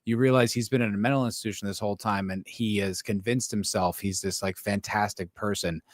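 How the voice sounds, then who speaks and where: A man's voice: lowish voice, fairly even intonation, brisk, dry recording, studio quality. A man chatting casually on a podcast, rambling and self-mocking, with lots of fillers. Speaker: podcast co-host. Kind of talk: casual chat.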